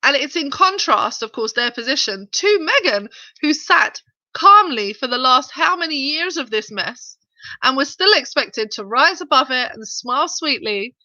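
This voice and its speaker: A woman co-hosting a casual opinion chat, animated and incredulous, mimicking others in quoted voices. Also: high voice, no room sound. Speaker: podcast co-host. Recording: dull lo-fi sound.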